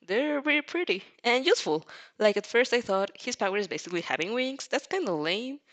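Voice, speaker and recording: A woman's voice: on the high side, expressive, brisk, fairly bright tone, pitched above the performer's own voice. A woman voicing a flustered, eager young female fan who gushes and giggles in an audio fanfic reading. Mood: rambling. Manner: gushing, giggly.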